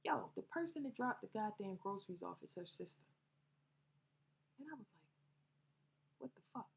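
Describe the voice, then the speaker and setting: A woman's voice: mid-range voice, expressive, a little fast, creaky. Rambling, profane woman telling stories. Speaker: vlogger telling personal stories. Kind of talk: casual storytelling to viewers.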